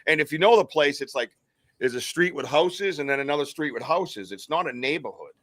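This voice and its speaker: A man's voice: a little high, expressive, a little fast, fairly bright tone, no room sound, clean studio sound. Rambling man telling a spooky story. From United States. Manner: rambling, full of fillers and restarts. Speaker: podcast co-host. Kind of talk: casual storytelling.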